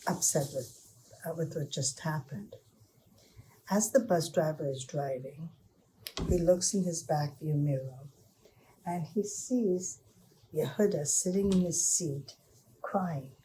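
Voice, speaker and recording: Storyteller woman, low and warm, informal pace with restarts. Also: a little hiss or hum. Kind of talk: telling stories to children.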